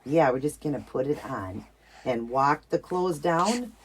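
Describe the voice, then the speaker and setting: A woman's voice: deep voice, lively intonation, measured pace, a little hiss or hum. A middle-aged woman vlogging casually, cooing in baby talk and chatting to viewers. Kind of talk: casual show-and-tell vlog.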